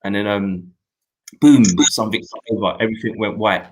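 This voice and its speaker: A young adult man, hosting a talk show and telling a personal story in an earnest, reflective way, with pauses and restarts. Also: lowish voice, steady tone, rough recording. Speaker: host.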